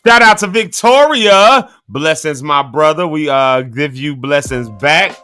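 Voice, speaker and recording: A man's voice: fairly high pitch, lively intonation, a little slow, pushed and bright, smooth, soft background music. A man hosting a casual morning live stream, chatting animatedly, laughing often and reading out viewer comments. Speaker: morning show host.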